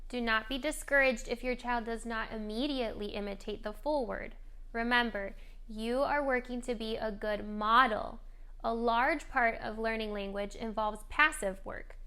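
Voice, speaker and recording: Woman, scripted parenting lesson, smooth clear voice, slightly high, gentle coaching tone. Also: moderate pace. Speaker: speech therapy presenter. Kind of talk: scripted instructional narration.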